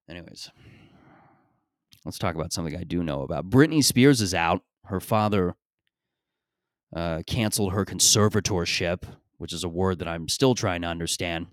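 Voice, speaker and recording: A man's voice: low voice, moderate pace, no echo, clean studio sound. Rambling, profane man telling stories. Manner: rambling, profane, animated storytelling with stammered restarts. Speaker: podcast host. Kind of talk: casual comedic monologue.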